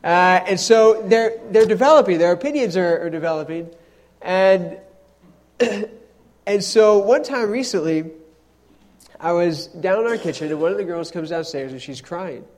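A man's voice: sits high, measured pace. A young man, a pastor, preaching a sermon in a conversational way with self-deprecating humor.

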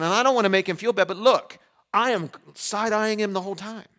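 Man, forties, pastor preaching in a church, high voice, animated delivery, loud then hushed. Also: quick pace. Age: 40s. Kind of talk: sermon.

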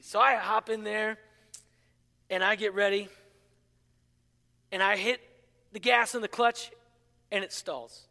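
A middle-aged man from Pittsburgh preaching a sermon, telling a story with lively asides and frequent "right?" to the congregation. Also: sits high, a little slow, gravelly, long pauses. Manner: storytelling, animated, asks audience "right?". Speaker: pastor. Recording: hall with long reverb.

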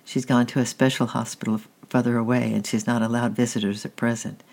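A woman's voice: very deep voice, flat delivery, creaky, full character voice. A reader voicing a kindly old woman neighbor. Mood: gentle, reassuring. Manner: soft, quiet and slow, reassuring.

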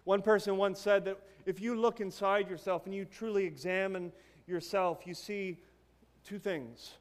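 High-voiced young pastor preaching conversationally. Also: male voice, steady tone, moderate pace. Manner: conversational preaching with asides and rhetorical questions. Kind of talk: sermon.

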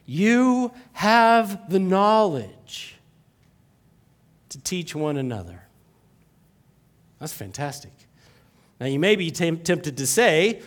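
High-voiced pastor preaching with rising emphasis. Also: male voice, expressive, slow pace, fairly bright tone. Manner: repeats points, asks the congregation questions, jokes. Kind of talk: sermon.

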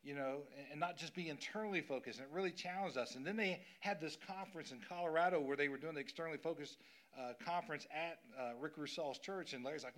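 A man's voice: fairly high pitch, fast. A middle-aged male pastor telling a personal story during a sermon, acting out what people said. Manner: animated storyteller acting out quotes.

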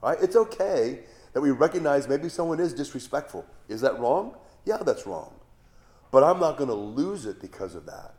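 A man's voice: mid-range voice, big pitch swings, moderate pace, a little mellow. A middle-aged male pastor giving a sermon in a conversational way, with rhetorical questions and asides.

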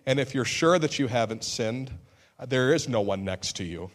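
A man's voice: mid-range voice, lively intonation, moderate pace, a faint crowd. Male pastor, middle-aged, earnest sermon delivery that bursts out emphatically, wry about himself. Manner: earnest, with sudden emphatic outbursts and self-deprecating humor.

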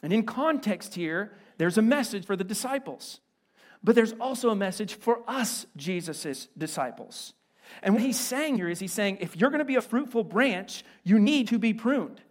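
A man preaching a sermon as a pastor in a church, animated and conversational with playful asides. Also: sits high, normal speed.

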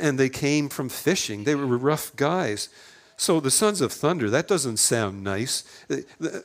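An older man preaching a sermon in a plainspoken, conversational way, asking rhetorical questions and restarting a few words here and there. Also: mid-range voice. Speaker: pastor.

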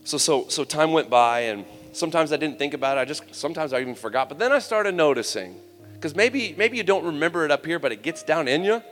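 A man's voice: a little high, animated, quick pace. Man preaching candidly in a reverberant hall. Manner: candid, conversational storytelling with humor. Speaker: youth camp speaker. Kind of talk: personal testimony sermon. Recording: long hall reverb, faint music.

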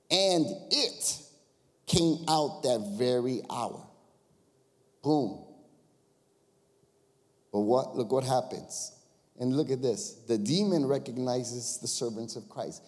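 A man preaching a sermon as pastor, animated and conversational, often asking rhetorical questions. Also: medium pitch, slow pace, long pauses, long reverb tail.

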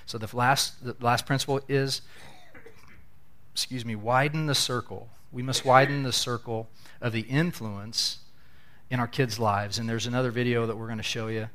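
A man's voice: medium pitch, steady tone, moderate pace, fairly bright tone. A middle-aged man preaching a sermon in an earnest, conversational way, often repeating words as he restarts. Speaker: pastor.

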